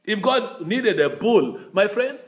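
A man's voice: sits high, animated, slow. An older man, a bishop, preaching a sermon in an emphatic, repetitive pleading cadence.

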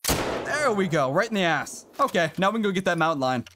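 Excitable male game streamer, lively pitch. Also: brisk, noisy background. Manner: excitable, swears, chats to viewers. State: briefly out of breath. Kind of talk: casual live-stream commentary.

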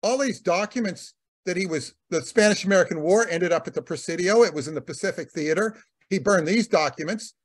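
A man co-hosting a talk rambles through casual, conversational commentary in a high voice at a fairly quick clip. He often repeats words and leans on fillers.

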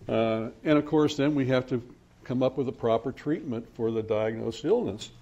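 A man's voice: mid-range voice, normal speed, warm tone, muffled recording. Older man lecturing with many fillers. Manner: hesitant, many fillers and restarts; dry self-deprecating humor. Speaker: conference speaker. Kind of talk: academic lecture.

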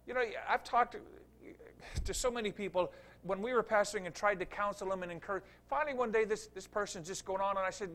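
A middle-aged man preaching a revival sermon, swinging from quiet asides to loud emphatic preaching. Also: high voice, expressive, a little fast.

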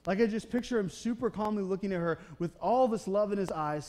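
A man with a high voice preaches a sermon in a church sanctuary. His delivery is casual and chatty. He keeps asking the congregation "okay?" and "right?" as he retells the story. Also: a little fast, hardly any pauses, mellow. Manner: conversational preaching, often checking in with "okay? right?"; acts out the Bible characters' voices in short quotes. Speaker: pastor.

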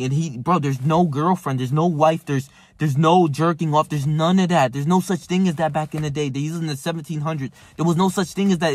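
A man's voice: on the high side, no room sound. A young man ranting to camera in a casual motivational vlog, emphatic and profane, calling the listener bro. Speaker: self-improvement vlogger.

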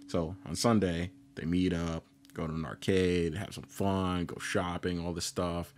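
Very deep-voiced casual male podcaster. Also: steady tone, normal speed, few pauses. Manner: rambling, heavy on "like", acts out characters' lines. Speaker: podcast co-host. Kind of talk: casual chat recapping an anime.

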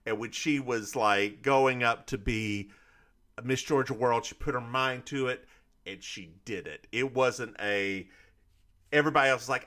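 A man's voice: medium pitch, unhurried, fairly bright tone. A man co-hosting a podcast, recapping a TV episode in casual, gossipy chat and quoting the characters. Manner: chatty, gossipy, quotes characters. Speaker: podcast co-host.

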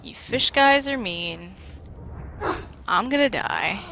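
A woman giving casual commentary while playing a video game, exasperated and self-deprecating, often shouting at the enemies on screen. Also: mid-range voice, lively intonation, slow, vocal fry, a little hiss or hum. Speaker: let's play commentator.

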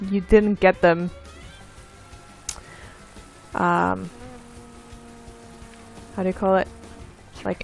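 A woman giving casual let's play commentary, easily frustrated, swearing and shouting at the game, then laughing at herself. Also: medium pitch, vocal fry.

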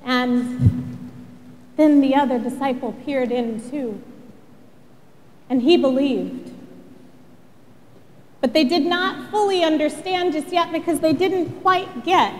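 A woman pastor delivering a sermon in a church, telling the story dramatically and sinking to a hushed prayer. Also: sits high, slow, pauses often, big-room sound. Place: church sanctuary.

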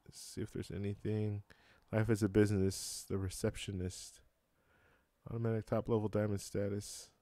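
Close-miked in a home room with a computer fan going, a man casually hosts a travel live stream and answers viewer comments. His fairly low voice is recorded dry; he's easygoing yet halting, with frequent fillers, restarts, and easy laughs.

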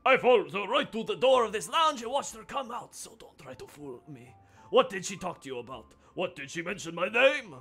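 A man voicing a jealous, pompous male bar customer in a game with a put-on accent, haughty and quick to flare up. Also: high-pitched, very animated, fairly bright tone, soft background music, voice pushed up, exaggerated voice. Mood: conspiratorial. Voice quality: gravelly, breathy put-on accent.

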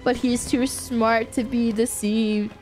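A woman streamer talking casually over gameplay, often laughing and yelling at the game. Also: fairly high pitch, little pitch movement, takes it slowly, soft background music.

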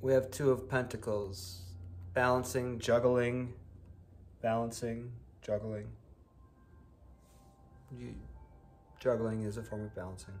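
A man's voice: medium pitch, steady tone, takes it slowly, long pauses, soft background music. A man from Buffalo, New York, giving a casual, chatty tarot reading with playful exclamations. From Buffalo, New York, United States. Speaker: tarot reader.

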